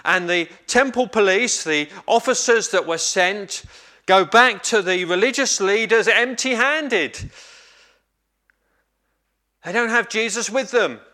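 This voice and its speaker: A man preaching a sermon, telling a story in a measured, reflective way with pauses. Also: high voice, bright, forceful tone.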